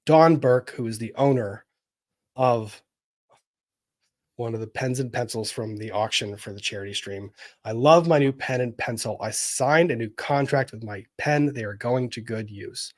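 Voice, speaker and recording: A man's voice: mid-range voice, normal speed. Wry man reading chat on a live stream. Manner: wry, animated, jokey asides.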